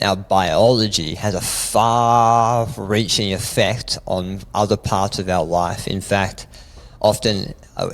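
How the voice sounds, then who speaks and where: A man with an Australian accent, a fitness expert talking in a relaxed, easygoing way as a podcast guest, often calling the host "mate". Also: deep voice, rough recording. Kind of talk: casual interview chat.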